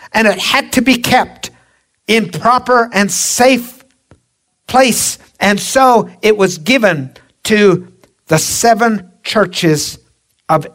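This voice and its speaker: A woman preaching a sermon, slow and emphatic, drawing out her phrases. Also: a little high.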